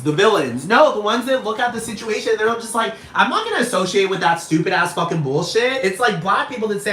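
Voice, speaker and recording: A man's voice: a little high, a bit bright. A man ranting in a rambling, repetitive and profane casual monologue. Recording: echoey room, far from mic, faint noise.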